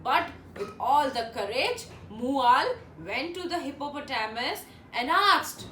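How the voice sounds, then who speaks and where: Slow, lively woman telling a children's story. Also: sits high, slight background noise. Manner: expressive, asks listeners questions. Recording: echoey room.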